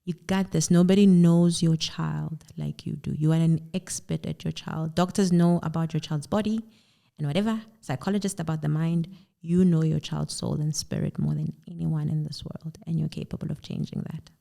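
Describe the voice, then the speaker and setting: Woman podcast guest, deep voice, warm dark tone, earnest and encouraging. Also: steady tone, moderate pace, vocal fry. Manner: earnest and encouraging, speaks in affirmations. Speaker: podcast guest, mom blogger. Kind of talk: heartfelt conversational interview.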